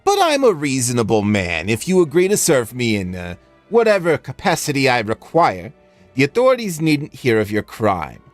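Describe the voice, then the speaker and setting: A man's voice: mid-range voice, huge pitch swings, moderate pace, soft background music. A man voicing a greedy, bullying merchant who barks threats. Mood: sly.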